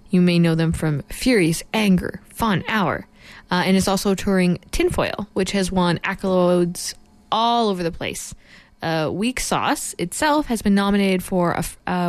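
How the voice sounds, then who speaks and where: A woman hosting a radio interview, introducing her guest and then teasing him with quick quips. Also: mid-range voice. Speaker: radio host.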